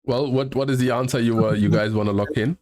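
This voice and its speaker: Streamer man running a game quiz, brisk and chatty, dry close sound. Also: mid-range voice, steady tone, darkish tone, dry recording. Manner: brisk, laughs between questions. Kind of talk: casual live-stream chat.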